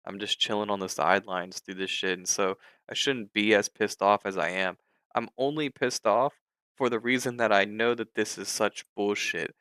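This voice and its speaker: A young man commenting on his trading during a live stream, frustrated and swearing in drawn-out outbursts. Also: fairly low pitch, a bit bright, clean tone, no room sound, low-quality recording. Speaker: livestreaming futures trader.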